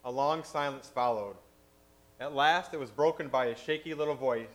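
A man's voice: medium pitch, normal speed, a bit bright. A man giving a sermon in a conversational way, with frequent "you know" fillers. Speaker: preacher.

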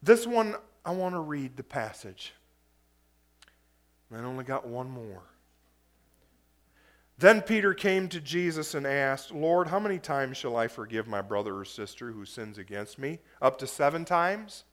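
A man's voice: mid-range voice, animated, unhurried, a bit bright. A man preaching a sermon to a congregation, reading scripture aloud and breaking off to explain it in a conversational way, often asking the audience questions.

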